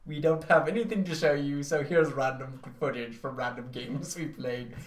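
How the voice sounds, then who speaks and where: A fairly high-voiced young man chats and jokes on a homemade podcast, laughing at nearly everything. His voice bounces around an echoey room. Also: steady tone, moderate pace. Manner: giggly, joking, laughs often. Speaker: podcast co-host. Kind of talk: casual chat. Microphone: desktop USB mic.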